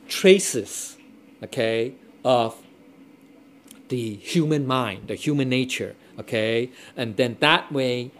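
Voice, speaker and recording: A man's voice: mid-range voice, fairly bright tone. A man teaching a Dao scripture lesson in a loose, repetitive way, constantly checking in with his class and mixing in Chinese readings. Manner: repeats himself, checks in with "okay? right?"; switches between English and Chinese readings.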